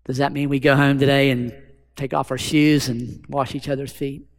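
A man's voice: medium pitch, flat delivery, normal speed. A man preaching a sermon as pastor, talking conversationally and asking the congregation rhetorical questions. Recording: long hall reverb.

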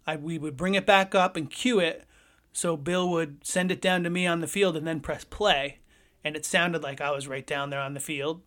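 A man hosting a podcast, telling a personal story in a lively, conversational way. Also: a little high, normal speed. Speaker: podcast host.

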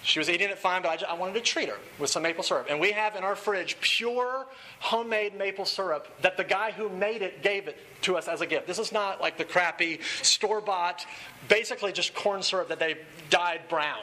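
High, bright-voiced young preacher. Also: male voice, brisk. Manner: earnest preaching mixed with playful storytelling. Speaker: pastor. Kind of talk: sermon.

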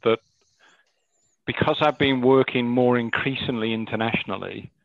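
A man's voice: medium pitch, moderate pace, gravelly, no room sound, highs cut off. A man with a Northern English accent talking reflectively as a coach, hesitant and full of restarts. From Northeast England. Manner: hesitant, many restarts and fillers. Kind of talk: reflective conversation.

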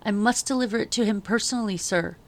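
A woman's voice: medium pitch, quick pace, pitched above the performer's own voice, natural voice. A woman voicing a young enslaved girl who speaks politely but firmly. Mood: earnest. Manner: polite and firm.

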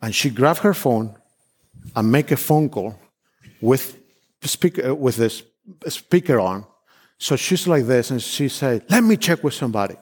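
A man's voice: medium pitch, lively intonation, unhurried, long pauses, a little mellow, slightly rough. A man from Argentina preaching a sermon, telling of a mission trip with fervent, repetitive declarations and frequent restarts. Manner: frequent restarts, non-native phrasing. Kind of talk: sermon with personal testimony.

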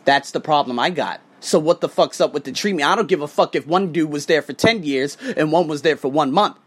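A man who teaches English and hosts a podcast, talking straight to viewers in a heated, profane rant that swings between loud outbursts and low muttered asides. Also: fairly quick. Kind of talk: casual ranting monologue to viewers.

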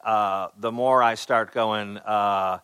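A man's voice: on the low side, steady tone, slow pace, a bit bright, clear, resonant tone, dry recording. A male pastor preaching a sermon in a conversational way, with many fillers and repeated words, acting out quoted voices with rising emphasis.

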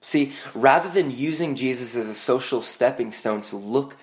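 A young man preaching a sermon to a church congregation in a conversational way, with frequent "like" and quick restarts, telling self-deprecating stories. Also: mid-range voice. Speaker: pastor.

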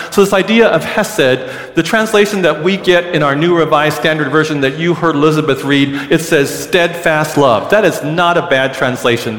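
A man's voice: on the high side, fairly bright tone. A middle-aged male pastor preaching a sermon to his congregation, earnest and teaching, leading them to repeat a word. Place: large church sanctuary. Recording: roomy church with long reverb.

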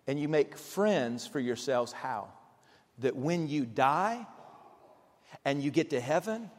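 A man preaching a sermon, acting out dialogue and swinging from loud outbursts to hushed asides. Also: mid-range voice. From Kansas. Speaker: pastor. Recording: reverberant hall sound.

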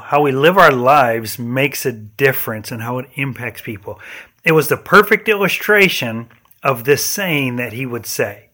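With a mid-range voice and a bright, forceful tone, a man from Michigan, USA, hosts a faith and leadership podcast. He tells personal stories earnestly, with occasional restarts.

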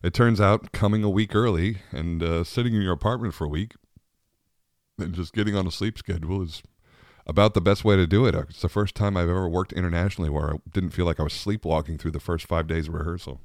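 Deep-voiced man hosting a chatty podcast. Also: fairly even intonation, quick pace, darkish tone, no echo, studio quality. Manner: rambling, chatty, laughs often. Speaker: podcast host. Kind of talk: casual monologue.

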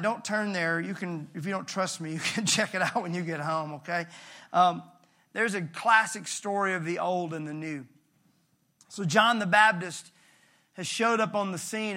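A male pastor preaching with a high, bright voice. His delivery is conversational and animated, with casual asides to the congregation. The tone stays forceful and clear throughout. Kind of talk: sermon.

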